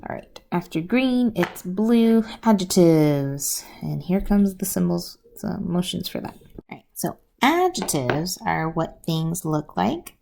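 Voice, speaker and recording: A woman teacher calmly walking through a classroom routine step by step in a recorded lesson video. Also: fairly low pitch, gravelly, a little hiss or hum. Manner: slow, deliberate, explains step by step.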